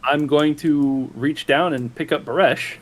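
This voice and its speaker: A man playing a tabletop game on a stream, deliberate and careful about the rules. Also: a little high, fairly even intonation. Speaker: player.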